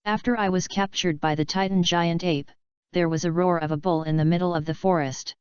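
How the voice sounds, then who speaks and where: A woman voicing a cheerful young girl student in a storybook reading, speaking brightly and breezily. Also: lowish voice, steady tone, brisk, smooth, dry recording, natural voice. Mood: breezy. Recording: dull lo-fi recording.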